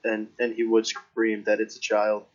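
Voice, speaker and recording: A man's voice: lowish voice, monotone, moderate pace. A man playing a tabletop game, declaring his character's actions in casual chat with the table, on a dull lo-fi recording. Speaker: player.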